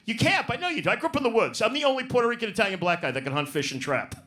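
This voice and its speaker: A man's voice: sits high, sing-song, fast talker, a bit bright. A man doing a profane, brash stand-up set in a comedy club, working the crowd. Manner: profane, brash, riffs on audience.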